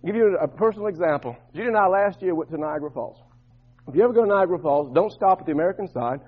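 Man pastor preaching, high husky voice, rising to loud bursts then dropping soft, muffled church recording. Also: animated, very fast. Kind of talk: sermon.

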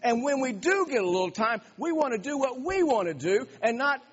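Male pastor, sermon delivery, high husky voice, emphatic with stumbling restarts; lo-fi church hall recording. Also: sing-song, fairly quick. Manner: emphatic, repeats words and restarts phrases. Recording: dull lo-fi recording with long hall reverb.

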